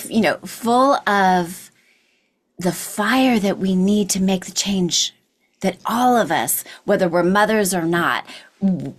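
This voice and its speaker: A woman co-hosting an interview, effusive and emotional, with halting restarts. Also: mid-range voice. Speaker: co-host. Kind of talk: casual interview chat.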